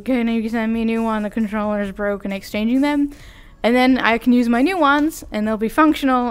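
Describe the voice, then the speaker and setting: A woman's voice: medium pitch, smooth. Giggly rambling woman vlogger. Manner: rambling, self-deprecating, giggly asides. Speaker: vtuber vlogger. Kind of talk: casual chat.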